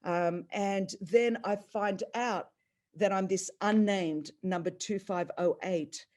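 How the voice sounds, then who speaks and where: Middle-aged Australian woman, animated personal storyteller. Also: slow. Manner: animated, acts out family dialogue with big pitch jumps. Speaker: speaker on a faith call.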